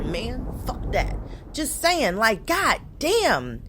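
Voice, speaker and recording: A young adult woman hosting her own podcast in loose, profane, animated casual chat, laughing easily. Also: a little high, drawn-out words, very noisy. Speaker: podcast host.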